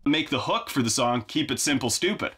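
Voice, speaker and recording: Wry, self-mocking man with a lively voice. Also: mid-range voice, a little fast, heavy background noise. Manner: wry, self-mocking, thinks aloud while working. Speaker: songwriter and video host. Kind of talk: casual vlog talk.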